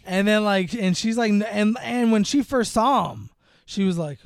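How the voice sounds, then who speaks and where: A young man with a high, smooth, clear voice chats casually about a film. He rambles, full of fillers, and slips into acted-out lines from the characters. The sound is close and dry. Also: animated, normal speed, dry recording. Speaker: podcast co-host recapping a movie. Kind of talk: casual chat.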